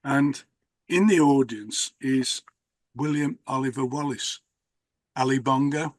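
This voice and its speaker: Brief: male host, mid pitch, anecdotal and rambling, dry close mic. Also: takes it slowly, no room sound. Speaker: host, magician. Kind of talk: casual conversation.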